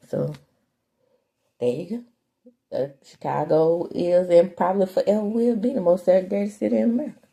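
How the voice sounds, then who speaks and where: A middle-aged woman from Mississippi hosting a casual podcast, chatty and animated, full of slangy asides. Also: lowish voice, gravelly. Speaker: podcast host recapping a TV soap. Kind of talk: casual chat.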